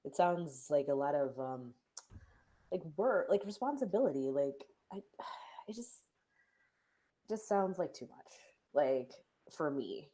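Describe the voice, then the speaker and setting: A woman's voice: sits low, lively intonation, takes it slowly, dark tone. A woman playing a tabletop game, bantering in character and hesitating through lots of filler words.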